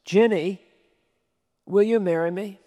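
A man voicing a smart, sophisticated male war veteran who speaks quietly and sincerely. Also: sits high, fairly even intonation, takes it slowly. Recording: long hall reverb.

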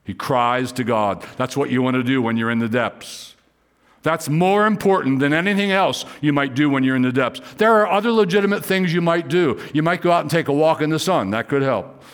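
Male pastor, fervent sermon delivery, somewhat high voice, repeats himself as he presses a point. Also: animated, a little fast, clean tone. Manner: earnest preaching, rising to fervent pleas in quoted prayers; repeats and restarts words while preaching.

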